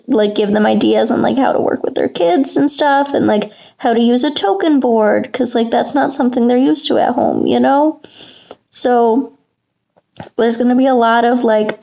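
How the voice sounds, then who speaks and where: A woman's voice: on the high side, gravelly, dark tone. A young woman, a preschool teacher, talking casually to camera from her apartment, chatty and hesitant and full of fillers. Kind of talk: casual vlog chat.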